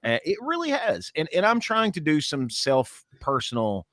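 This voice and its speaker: Lively middle-aged man, dry studio voice. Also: fairly high pitch, normal speed, no echo. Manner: lively storyteller, repeats words when starting. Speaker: podcast co-host, former radio personality. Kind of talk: casual chat.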